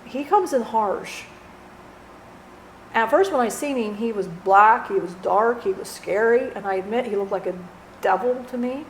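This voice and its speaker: A woman channeling a departed friend, telling her story in an earnest, halting way with many restarts. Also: a little high, expressive. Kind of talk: spiritual channeling testimony. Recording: roomy echo, faint background noise.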